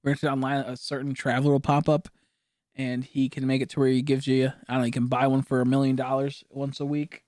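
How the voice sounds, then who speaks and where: Here a young man rambles through casual live-stream chat as he games, full of fillers and mumbled side comments. His mid-range voice is a little fast and a little mellow, with little pitch movement, in a dry, clean studio recording.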